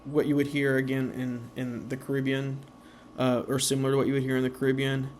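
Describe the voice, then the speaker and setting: Guy talking through slides, lots of uhs and ums, pretty flat and even, slight hiss behind. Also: medium pitch. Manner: halting, many uh and um fillers; slows down to sound out example words. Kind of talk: informal slideshow presentation.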